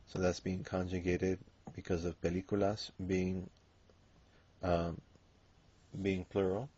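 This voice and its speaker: A man's voice: low voice, flat delivery, takes it slowly, long pauses, mellow, dull audio. A man teaching a recorded language grammar lesson, explaining step by step with frequent ums and okays. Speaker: Spanish teacher.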